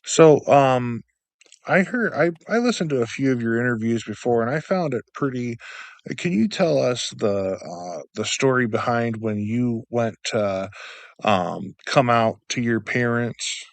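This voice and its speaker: Gravelly man hosting, halting questions. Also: mid-range voice, animated, no room sound. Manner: halting questions, many ums. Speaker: host. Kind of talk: live interview.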